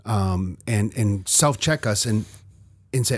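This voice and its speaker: A man's voice: on the low side, moderate pace, dry recording. A middle-aged man in a casual faith conversation, speaking earnestly and reflectively, often telling stories.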